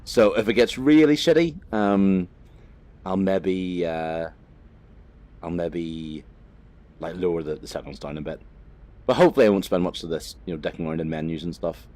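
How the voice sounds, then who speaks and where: A gaming vlogger with a low, darkish voice talks at normal speed with long pauses while playing a driving game for his channel. His commentary is rambling, laid-back and full of fillers, with casual swearing throughout.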